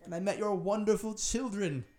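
A man's voice: high-pitched, normal speed, a little mellow, voice pushed up, natural voice. A man voicing an old reformed miser who speaks in a brusque, rambling way. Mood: gruff. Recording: roomy echo, faint music.

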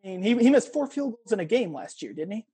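Higher-pitched man hosting sports talk. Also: sing-song, fast, dark tone, breathy edge. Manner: easygoing, joking, laughs along. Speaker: radio sports host.

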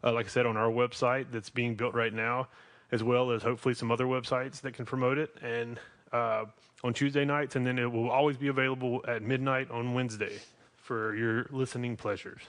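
A man's voice: medium pitch, level tone, brisk, a bit bright. A man with a Southern US accent hosting a wrestling podcast, rambling and often restarting his sentences. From North Carolina. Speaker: podcast host. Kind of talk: casual podcast chat.

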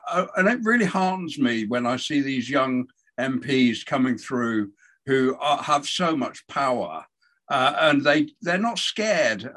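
A man's voice: medium pitch, a bit bright. A man co-hosting a political chat podcast, talking casually and hesitantly, often repeating words. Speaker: podcast co-host.

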